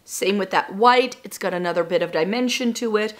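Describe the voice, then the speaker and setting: Woman vlogger, voice still a bit raspy from illness; relaxed, rambling, thinks out loud. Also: medium pitch, brisk. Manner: chatty, rambling, thinking aloud. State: recovering from lost voice, a little raspy. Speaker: beauty vlogger. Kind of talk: casual chat to camera.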